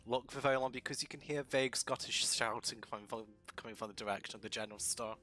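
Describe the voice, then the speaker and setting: A man's voice: medium pitch, steady tone, quick pace, hardly any pauses, sharp tone, faint music behind. A man narrating a tabletop game as game master, rambling and correcting himself as he goes.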